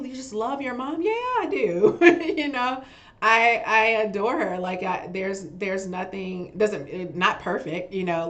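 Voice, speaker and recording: A woman's voice: mid-range voice, fairly bright tone. A woman speaking as a guest on a podcast, pouring out a heartfelt personal story. She laughs often between phrases and keeps restarting words as she reflects. Her talk is loose and conversational. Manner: frequent laughter while talking; repeats and restarts words, stumbling over phrases. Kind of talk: conversational interview.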